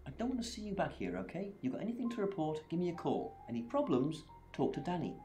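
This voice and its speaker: A man's voice: fairly high pitch, wildly swooping pitch, fast talker, mellow, faint music behind. An actor playing a brusque male police chief in a video game, curt and commanding.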